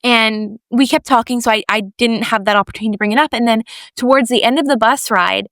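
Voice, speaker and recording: A woman's voice: a little high, quick pace, no room sound. A young woman co-hosting a casual faith podcast, telling a story with lots of "like" and acting out the voices of the people in it. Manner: animated storyteller, acts out quoted voices, lots of "like". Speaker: podcast co-host.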